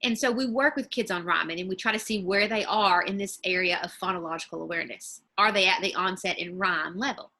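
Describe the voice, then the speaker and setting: A woman teacher explaining reading skills to parents in a patient, step-by-step way, slowing down on example words, recorded on a computer mic while sharing her screen. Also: fairly low pitch, pushed and bright. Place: home or office, screen-shared video.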